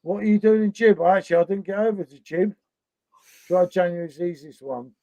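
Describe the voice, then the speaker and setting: Blokey high-voiced man hosting a stream. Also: fairly quick, dark tone, dry recording. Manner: matey, blokey, swears freely. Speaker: livestream host. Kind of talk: casual live-stream banter.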